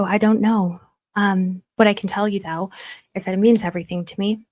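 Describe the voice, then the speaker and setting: Chatty woman hosting a livestream. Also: medium pitch. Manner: chatty and effusive, often thanking viewers; hesitant with frequent fillers while reasoning. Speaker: livestream host. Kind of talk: live-streamed investigative commentary.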